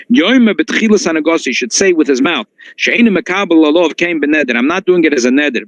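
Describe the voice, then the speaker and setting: A man teaching a halacha class as a rabbi. He reads source texts aloud, explains them, and restarts his sentences often. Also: no room sound. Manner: animated, jumps high in pitch for emphasis, frequent restarts. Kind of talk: text-based Torah lesson, reading and explaining. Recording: dull lo-fi dry recording.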